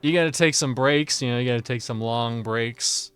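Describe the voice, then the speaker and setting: A man's voice: mid-range voice, moderate pace, fairly bright tone, clean tone, no echo, soft background music. A man streaming a game live, chatting crudely and jokingly with his chat while a bit drunk. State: tipsy.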